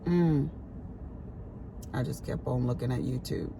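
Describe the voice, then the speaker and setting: Lively middle-aged woman chatting to viewers. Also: very deep voice, a little slow, vocal fry, background noise. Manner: animated storytelling with sharp exclaimed quotes. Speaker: vlogger. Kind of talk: casual chat to camera.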